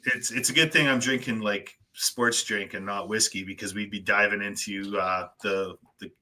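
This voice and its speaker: A man hosting a casual podcast chat, telling stories in an animated ranting way and slipping into quick voice impressions. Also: on the low side. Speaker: podcast host.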